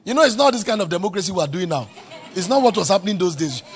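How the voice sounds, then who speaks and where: A man's voice: high-pitched, big pitch swings, very fast, slightly rough. A man preaching a sermon as pastor, emphatic and calling out to the congregation for responses.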